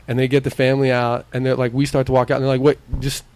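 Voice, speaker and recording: Speaking very fast, a man from Arizona co-hosts a podcast and tells a story casually, animatedly voicing the people in it and swearing freely. His medium-pitched voice is clear and resonant.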